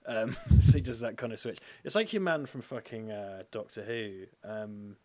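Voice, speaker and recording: A man's voice: fairly low pitch, lively intonation, normal speed, mellow, no room sound. A young British man co-hosting a casual chat, rambling, swearing and mocking himself. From Britain. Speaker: podcast co-host.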